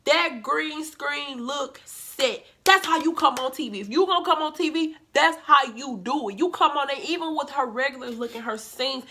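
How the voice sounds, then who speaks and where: A woman vlogger, reviewing a reality show in sassy, animated casual commentary and calling her viewers "honey.". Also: high voice, moderate pace, few pauses, a little hiss or hum.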